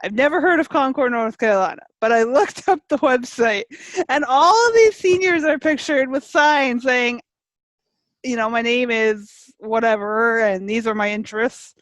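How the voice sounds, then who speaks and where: A woman's voice: a little high, normal speed, no echo. A woman from Canada co-hosting a casual chat podcast, rambling cheerfully with lots of fillers and laughter. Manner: chatty, laughs often, many fillers. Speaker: podcast co-host.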